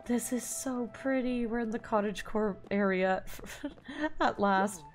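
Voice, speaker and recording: A woman's voice: a little high, unhurried, soft background music. A young woman chatting casually as she plays a video game, fretting aloud and humming along. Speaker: let's play streamer. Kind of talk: casual gameplay commentary.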